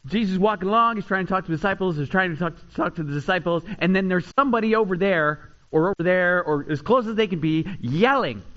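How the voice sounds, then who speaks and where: A man preaching a sermon, swinging between loud, rising retellings and quiet, low asides. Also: muffled recording. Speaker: pastor.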